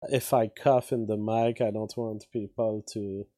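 A man's voice: lowish voice, fairly even intonation, a little slow, dark tone, no room sound. A man doing casual political commentary on his channel, rambling with many fillers and restarts, speaking into a studio mic from his home studio. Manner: reads chat comments aloud. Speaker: YouTube commentator. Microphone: studio mic with outboard gear.

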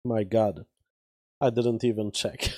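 Speaking slowly and steadily in a lowish, slightly mellow voice, a man riffs on politics for his YouTube channel, stumbling through fillers and restarts while reading chat comments aloud. The recording comes from his home studio via a studio mic with outboard gear, with no room sound.

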